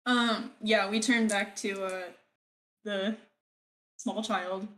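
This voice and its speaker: Slow, giggly young woman player. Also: mid-range voice, fairly even intonation, a bit bright. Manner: giggly, hesitant, lots of ums. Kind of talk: casual tabletop game play.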